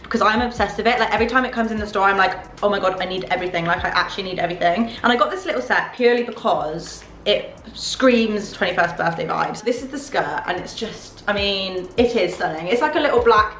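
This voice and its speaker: A British woman of about twenty, gushing and excitable, chatting through a casual try-on haul vlog. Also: medium pitch, a little fast, reverberant. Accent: British English. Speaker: fashion vlogger. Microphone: camera mic.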